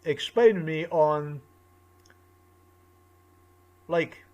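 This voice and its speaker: A man's voice: a little high, very slow, a little mellow. A man delivering an angry personal monologue, swearing often and repeating himself as he rants. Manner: agitated, profane, repetitive ranting. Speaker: vlogger.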